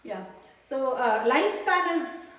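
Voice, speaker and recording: A woman casually retelling an epic to a child, halting, with many fillers and restarts. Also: high-pitched, animated, fairly bright tone. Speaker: storyteller. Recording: echoey room, mic far off.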